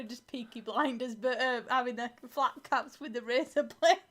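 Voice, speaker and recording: A woman's voice: fairly high pitch, normal speed. A woman co-hosting a casual gaming chat with her husband, teasing him with dry quips and giggling a lot. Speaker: co-host, host's wife.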